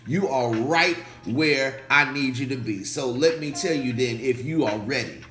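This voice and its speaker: A slightly hoarse man, a pastor hosting a faith livestream, talking casually and animatedly, repeating phrases and calling out to viewers in the chat. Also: medium pitch, measured pace, a bit bright. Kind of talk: casual livestream preaching talk. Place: indoor room, livestream. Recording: echoey room with faint music.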